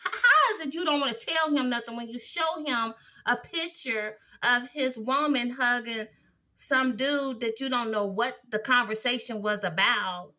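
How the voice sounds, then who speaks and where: A woman's voice: a little high, unhurried, bright, forceful tone. A woman giving a blunt, opinionated recap of a TV episode, exasperated and sassy as she talks it through.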